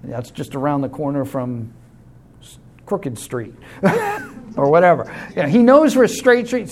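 A man's voice: a little high, a little slow. A man teaching a Bible study class in a conversational way, explaining with simple illustrations and calling on class members.

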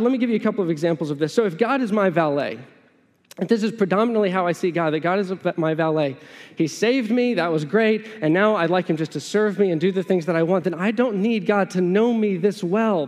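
A man's voice: high-pitched, a little fast, a little mellow, long reverb tail. A man preaching a conversational sermon as pastor, acting out what his listeners might think. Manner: conversational, acts out listeners' inner voices.

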